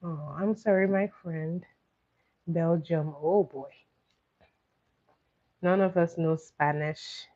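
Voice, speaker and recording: A woman with a lowish, mellow voice and fairly even intonation hosts casual livestream trivia, speaking slowly with long pauses. She coaxes viewers, reading each question to chat and then repeating it, over dull lo-fi audio.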